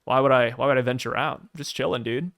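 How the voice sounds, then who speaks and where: A man's voice: mid-range voice, steady tone, quick pace, a bit bright, no room sound, studio quality. A man hosting a casual podcast discussion, laid-back and jokey, poking fun at himself. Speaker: anime podcast host. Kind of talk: casual chat.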